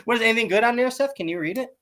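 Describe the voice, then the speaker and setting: A man's voice: very high-pitched, racing, a bit bright. A man hosting a casual podcast chat, teasing his guests and laughing often. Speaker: podcast host.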